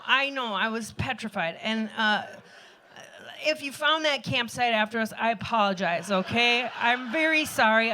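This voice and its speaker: A woman's voice: fairly high pitch, pushed and bright. A woman telling a rambling, self-deprecating comic story on stage at a live show. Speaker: storyteller performer.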